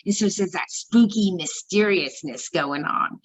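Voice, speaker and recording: A woman guest on a casual podcast, telling her stories with excitement and frequent laughter. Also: lowish voice, moderate pace, rough recording. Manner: excitable storyteller, laughs often. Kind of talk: casual chat.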